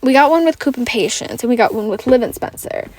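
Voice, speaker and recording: A woman's voice: a little high, lively intonation, quick pace, darkish tone, dry recording. A tired young woman hosting a casual solo podcast, rambling and correcting herself, swearing now and then. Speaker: podcast host.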